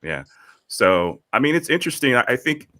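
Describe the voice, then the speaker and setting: A man co-hosting a podcast, going over headlines in a measured way with frequent ums. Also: mid-range voice, big pitch swings, sharp tone, no echo. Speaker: podcast co-host reading headlines. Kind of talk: casual news chat.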